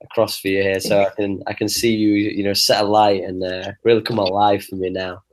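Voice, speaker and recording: A young man with a fairly low voice rants on a casual podcast. He sounds exasperated and teasing, and he swears freely as he talks. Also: little pitch movement, brisk. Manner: exasperated ranting, profane, teasing. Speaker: podcast co-host. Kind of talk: casual chat.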